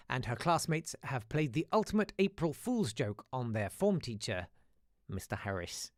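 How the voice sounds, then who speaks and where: A man hosts a casual chat show, reading out listener emails and telling school stories. His voice swings lively up and down, with lots of restarts and asides. The sound is close and dry. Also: mid-range voice, no room sound. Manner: chatty and animated, with many restarts and asides. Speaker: host.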